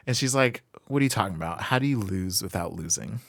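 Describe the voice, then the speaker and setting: A man co-hosting a podcast, excitedly recapping a comic book issue, laughing often and acting out the characters' lines. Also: deep voice, a little fast, vocal fry, dry recording, clean studio sound. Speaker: podcast co-host.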